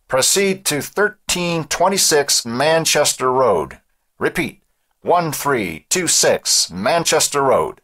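A man voicing a terse male police dispatcher who reads a radio call slowly and deliberately. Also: a little high, sing-song, a bit bright, pitched above the performer's own voice, heavily acted.

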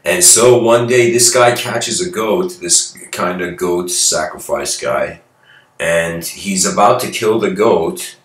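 Low-voiced male spiritual lecturer, bright forceful tone, relaxed storytelling, roomy echo. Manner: loose, conversational storytelling with asides to listeners. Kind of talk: casual spiritual talk.

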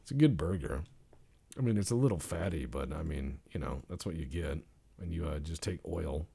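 Gravelly, husky man rambling over gameplay. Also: rumbling low, brisk. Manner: jokey, deadpan asides with sudden loud outbursts. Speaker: gameplay commentator.

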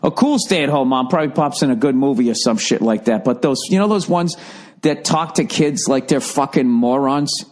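A man's voice: medium pitch, normal speed. A man in his forties with a Boston accent, hosting a solo podcast in a profane, rambling comedic rant. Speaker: podcast host.

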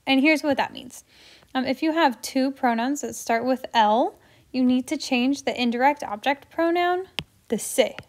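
A woman teaching a grammar lesson in an upbeat, playful way, dropping to soft asides while she writes. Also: high-pitched, moderate pace. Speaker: Spanish teacher.

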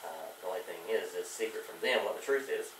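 A man's voice: sits low, expressive, fast talker, a bit bright. A man teaching a church Bible class, with lots of fillers and restarts. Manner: rambling, many fillers and restarts. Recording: echoey room, mic far off, faint hiss.

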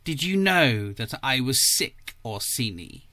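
An aging noblewoman, proud yet wistful and bitter, laments in a plaintive, dramatic way, as a man reads her lines. The delivery is unhurried. The sound is dry and close. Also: medium pitch, big pitch swings, sharp tone, dry recording, heavily acted.

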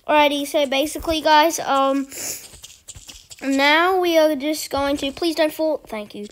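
A woman giving casual, excitable commentary while playing an online game, chatty and eager. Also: high voice, measured pace. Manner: chatty and excitable, urging opponents on. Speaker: gaming channel host.

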